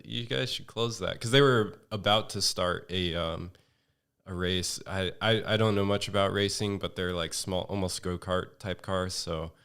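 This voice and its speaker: A man from Northern California speaks as a guest in a relaxed chat. His voice is low and smooth, and he tells stories haltingly, full of fillers. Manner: hesitant storyteller, many fillers. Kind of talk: casual chat.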